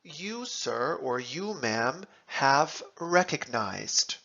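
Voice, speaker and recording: A man narrating a scripted language lesson, deliberately sounding out German words and their translations, in a dull lo-fi recording. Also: fairly high pitch, sing-song, vocal fry, pushed and bright. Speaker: language teacher.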